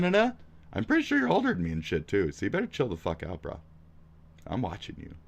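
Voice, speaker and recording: A man streaming reactions, combative and sarcastic, swearing and swinging from shouts to mutters. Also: lowish voice. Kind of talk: profane reaction stream commentary.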